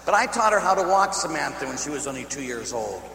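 A priest from Pittsburgh preaching a storytelling sermon, swinging from shouts to hushed, near-whispered lines and tagging his sentences with "huh?". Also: a little high, sing-song, fast talker, creaky. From Pittsburgh, USA. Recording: echoey hall with faint hum.

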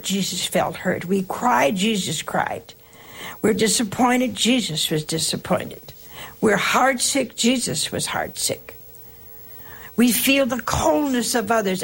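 Gravelly, husky woman teaching faith. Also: mid-range voice. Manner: earnest, reflective, slow emphatic parallel phrasing. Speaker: host of a religious call-in show. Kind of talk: spiritual teaching talk.

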